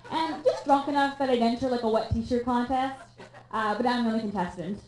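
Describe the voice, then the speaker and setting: A young woman from Canada performing a stand-up comedy set on a theatre stage, deadpan and self-mocking with quick asides. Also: fairly high pitch. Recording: echoey room, live audience.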